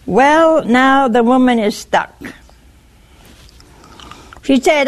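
A woman's voice: sits high, extremely slow. A woman preacher delivering a sermon, talking straight to her listeners and asking them questions. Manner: animated, questioning the listeners directly.

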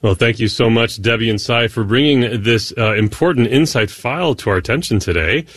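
A man's voice: mid-range voice, fairly quick, a bit bright, no echo, clean studio sound. A man announcing on a radio show, reading promotions in an upbeat way. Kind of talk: announcement read.

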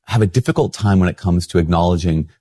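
Man, priest, low husky voice, reflective casual talk, self-questioning. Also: fast, warm tone, dry recording, studio quality. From Minnesota. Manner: candid, self-questioning, lots of fillers.

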